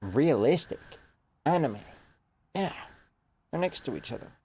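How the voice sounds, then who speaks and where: A man's voice: a little high, sing-song, measured pace, dark tone, husky. A young man with a congested nose, rambling sarcastically in casual gaming commentary. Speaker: streamer.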